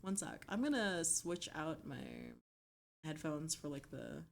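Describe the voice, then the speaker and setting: Young woman streamer, lively and unhurried, excitable and swearing, casual live chat. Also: low-pitched, gravelly. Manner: excitable, swearing, breaks into shrieks and laughter.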